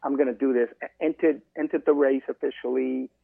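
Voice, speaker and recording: Gravelly older man telling stories. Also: medium pitch, brisk, no echo. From Massachusetts. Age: around 70. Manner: animated storyteller who quotes people in dialogue. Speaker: guest, marathon runner. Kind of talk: storytelling interview. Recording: dry, phone-like line.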